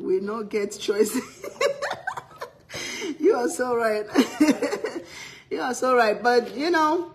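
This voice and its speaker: A middle-aged woman hosting a home cooking stream, chatting casually, teasing and laughing often. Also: fairly high pitch. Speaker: cooking livestream host. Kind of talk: casual chat.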